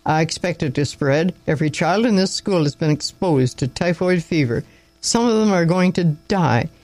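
A man's voice: fairly high pitch, expressive, normal speed, dry recording, faint music behind, close to an everyday voice, rough recording. A man reading a story aloud and voicing a weary young country doctor who speaks curtly and with contempt. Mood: angry. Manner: curt, contemptuous, sharp.

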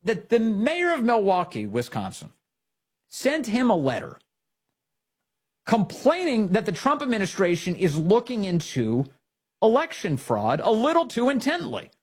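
A man hosting a political commentary show, talking in an animated, sarcastic way. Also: high voice, measured pace, husky. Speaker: host.

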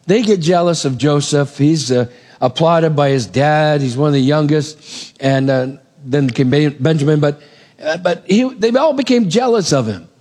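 A man preaching a conversational sermon in a church, retelling scripture stories with animated, acted-out quotes. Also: on the high side, moderate pace. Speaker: pastor. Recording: long reverb of a hall.

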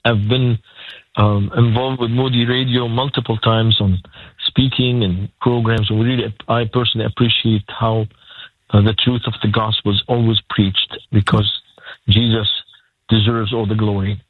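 A man's voice: on the low side, flat delivery, normal speed, no echo. A man with a Lebanese accent calls into a radio show and speaks with earnest, preacherly conviction. His voice comes through a thin, tinny phone line with no room sound. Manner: earnest, preacherly, acts out quotes. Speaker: guest. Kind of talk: radio call-in guest testimony. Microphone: phone call.

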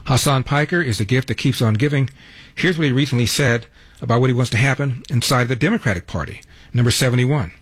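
A man's voice: mid-range voice, quick pace, slightly rough, no echo. A man hosting a talk radio show, delivering a brash, wisecracking monologue from a studio. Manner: brash, wisecracking, self-mocking titles.

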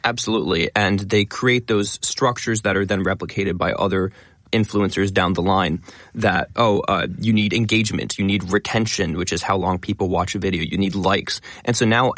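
A man talking as a guest in a casual interview, explaining in a quick, eager way. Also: on the low side, fairly bright tone, no echo. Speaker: guest, linguist and educational video creator.

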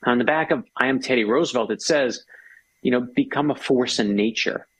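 A man's voice: mid-range voice, a little fast, a bit bright, slightly rough, poor audio. A man, an author guest, telling stories with enthusiasm in a casual conversation. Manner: enthusiastic, storytelling.

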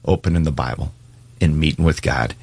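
A man with a very low voice, talking earnestly on a faith talk show. He presses his points home like a preacher. The sound is close and dry. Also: fairly quick, vocal fry, darkish tone, slightly rough, no room sound.

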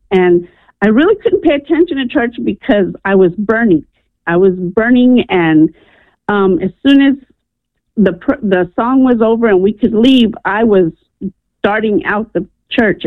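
A woman's voice: mid-range voice, moderate pace, no echo. A woman calling in to a radio show, telling a personal story earnestly with frequent ums. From New Mexico. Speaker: radio caller. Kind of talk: call-in testimony. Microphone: telephone. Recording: tinny phone line, dry.

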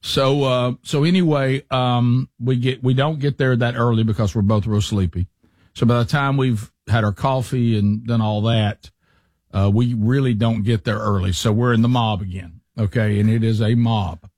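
A middle-aged man, a podcast co-host telling a rambling, animated story in casual chat. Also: mid-range voice, moderate pace, dry recording, clean studio sound. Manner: rambling, animated anecdotes with restarts.

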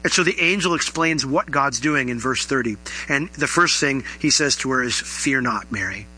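In poor audio with slight background noise, a man preaches to his congregation in a bright, forceful, mid-range voice at normal speed. The pastor keeps it earnest and conversational, asking the listeners rhetorical questions.

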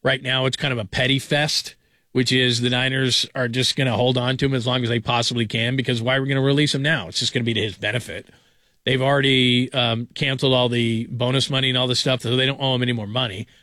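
A man's voice: mid-range voice, level tone, fast, sharp tone, no echo, studio quality. A man hosting a late-night sports radio talk show in a rambling, conversational way, with chuckling asides. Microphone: studio broadcast mic.

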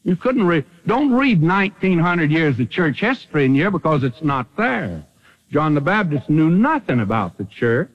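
A man preaching a sermon with dramatic swings from loud declarations to hushed asides. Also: a little high, sing-song, normal speed, dull audio.

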